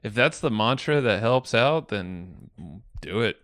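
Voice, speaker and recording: A man's voice: mid-range voice, expressive, measured pace, a bit bright, no echo, studio quality. A young man co-hosting a podcast, chatting casually, laughing often and chiming in. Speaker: podcast co-host. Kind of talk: casual chat.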